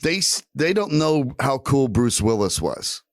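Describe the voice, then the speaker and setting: A man's voice: medium pitch, big pitch swings, measured pace, no echo. Middle-aged guy hosting, swearing through a story, dry close mic. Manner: storytelling, profane, laughing. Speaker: podcast host. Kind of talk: casual podcast chat.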